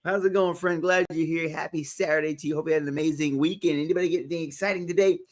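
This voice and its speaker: A man's voice: on the high side, fairly even intonation, racing. A man hosting a motivational livestream, casually chatting, greeting viewers by name and laughing often. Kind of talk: casual live-stream chat greeting viewers.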